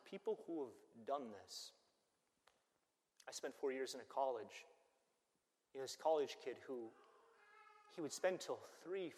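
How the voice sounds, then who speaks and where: A male priest delivers a sermon in a church, with a voice of middling pitch. He tells animated stories. A long reverb trails behind every phrase. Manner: animated storytelling that acts out the people it quotes. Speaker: Catholic priest.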